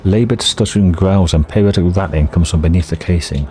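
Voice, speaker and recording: A man's voice: sits low, a little fast, a little mellow. A man hosting a game playthrough, casually reading the game's text aloud and muttering asides. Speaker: gameplay host.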